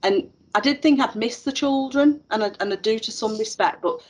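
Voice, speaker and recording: A woman's voice: on the high side, moderate pace, darkish tone, breathy edge, rough recording. A middle-aged woman, a teacher educator telling stories in an interview with many fillers and restarts. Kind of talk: casual interview chat.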